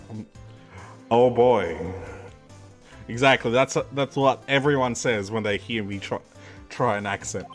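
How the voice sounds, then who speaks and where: A man's voice: medium pitch, unhurried, pauses often, faint music behind. Laughing, self-deprecating male game streamer. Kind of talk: let's play commentary.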